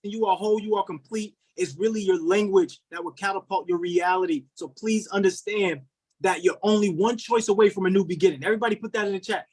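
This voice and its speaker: A man's voice: sits high, a little fast, darkish tone, breathy edge. A man hosting a group video call and delivering a repetitive, rallying motivational pep talk. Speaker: motivational coach and call host.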